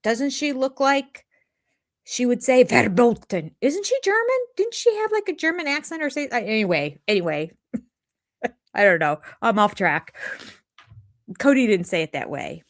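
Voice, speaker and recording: Speaking from her home, an older channel host runs a live chat about a reality show, rambling and switching subjects often. Her voice sits fairly high with big swings in pitch, and her pace is measured.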